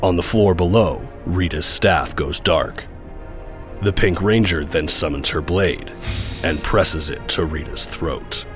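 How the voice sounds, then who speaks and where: Very deep-voiced male narrator. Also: music in the background. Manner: measured, descriptive. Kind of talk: scripted narration.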